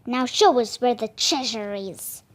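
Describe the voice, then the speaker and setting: A gruff one-eyed pirate captain , as a woman reading aloud puts him on, growls out orders slowly and with menace. The storybook voice sits fairly high for a brute. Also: animated. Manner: growling, slow and drawn out.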